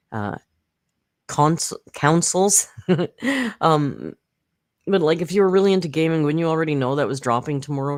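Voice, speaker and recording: A woman hosting a casual live reaction stream, snarky and profane, rambling with fillers, close to her mic. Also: extremely low pitch. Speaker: commentary channel host. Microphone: close desk mic.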